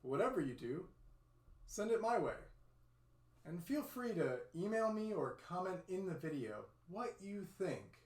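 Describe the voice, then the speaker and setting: A man telling a story to children in a friendly, expressive way, in a roomy-sounding space. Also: sits high, measured pace. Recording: roomy echo.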